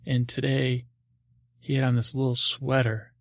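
A man's voice: mid-range voice, little pitch movement, unhurried, no echo, clean studio sound, close to an everyday voice. A man voicing a friendly, chatty gingerbread man neighbor in a spoken story, talking in rambling bits.

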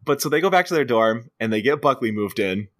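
A man co-hosting a podcast casually reviews a movie, retelling its scenes and slipping into quoted voices. His mid-range voice is expressive and a little fast.

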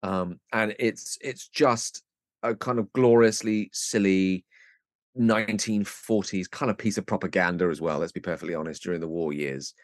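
Very deep-voiced man telling a story. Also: moderate pace, dry recording, clean studio sound. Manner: lively storyteller slipping into comic voices. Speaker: guest actor. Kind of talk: casual podcast chat.

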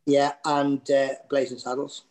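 A middle-aged Geordie comedian, guesting on an interview, tells loose, rambling anecdotes packed with ums, fillers and false starts. His middle-pitched voice is relaxed, unhurried and conversational, like chat between jokes, on a low-quality recording.

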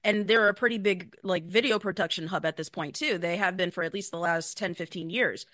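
A woman's voice: lowish voice, fairly quick, fairly bright tone, no room sound, studio quality. A woman from New York, a guest on a podcast, talking chattily and gushing, with many fillers. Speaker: production company staff, guest. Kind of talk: casual interview chat.

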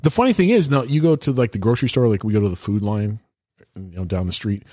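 A man in casual chat telling a relaxed anecdote. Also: on the low side, quick pace, no echo, clean studio sound.

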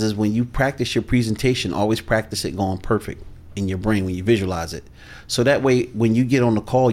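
A man talking as a sales coach guest in a podcast interview, measured, deliberate and authoritative. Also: lowish voice, darkish tone.

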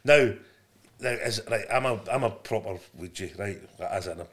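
A Glaswegian man hosting a casual chat, full of banter and quick asides. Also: on the low side, fairly bright tone. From Glasgow. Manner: banter, lots of aye and laughing asides. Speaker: podcast host.

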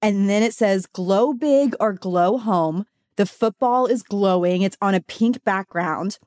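A woman's voice: medium pitch, unhurried, darkish tone, dry recording. A woman co-hosting a beauty podcast, chatting casually and easily moved to laughter. Her voice sits in a middle register, recorded dry and close with no room sound. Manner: chatty, gets emotional and laughs through tears. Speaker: podcast co-host. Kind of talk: casual chat.

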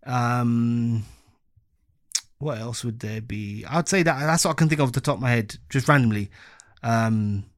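Young male podcast co-host, animated, casual, slips into a showy host delivery. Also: medium pitch, measured pace. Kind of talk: casual chat.

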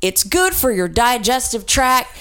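An eccentric older man rambles earnestly about himself, half pitchman and half philosopher, as a woman imitates him while telling a story. The voice sits higher than usual and stays loose. It sounds like a casual quote dropped into a podcast story. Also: big pitch swings, measured pace, a bit bright. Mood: rambling.

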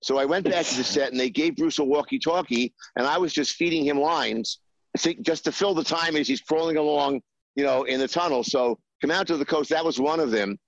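A man telling a behind-the-scenes anecdote in an interview, halting with many fillers and acting out the voices he quotes. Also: on the high side, no room sound, highs cut off. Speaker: screenwriter guest.

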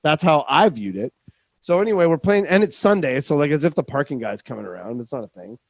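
Young comic, slightly high voice, dry close sound, rambling and animated. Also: male voice, gravelly, dry recording, poor audio. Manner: rambling, animated, swearing, quick self-interruptions. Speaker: comedian guest. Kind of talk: casual comedic storytelling.

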